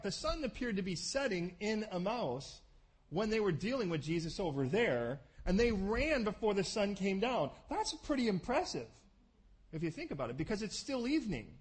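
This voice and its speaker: A male preacher with a notably high voice tells the story in an animated way, acting out the scenes as he goes. His pitch rises and falls in lively swings, and he drops quick asides to the congregation. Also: slightly rough. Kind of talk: sermon.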